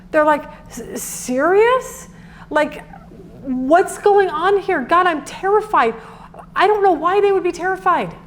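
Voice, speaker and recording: A middle-aged woman teaching a Bible devotional, earnest and animated, who acts out quotes as she talks. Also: sits high, slight background noise.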